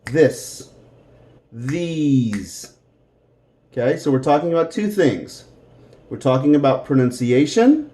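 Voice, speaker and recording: A man teaching an English lesson, slowly repeating words for pronunciation and adding Spanish translations. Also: mid-range voice, warm tone. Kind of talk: slow, deliberate English lesson.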